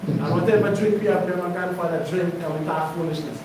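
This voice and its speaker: In an echoey congregation hall, a man with a high voice preaches to his congregation a little quickly, and the distant mic picks up background noise. His delivery is emphatic yet conversational, and he often poses questions to the listeners.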